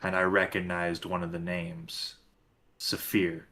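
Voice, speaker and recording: A man's voice: low-pitched, monotone, unhurried, bright, forceful tone. A man playing in a tabletop game, joking dryly and speaking both in and out of character. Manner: dry, joking. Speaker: player. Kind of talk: casual tabletop role-play.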